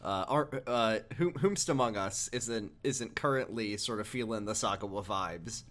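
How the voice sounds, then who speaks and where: Jokey podcast man, laughing a lot. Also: unhurried. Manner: laughs often, jokey recaps with sudden high excited bursts. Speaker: podcast co-host. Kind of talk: casual chat.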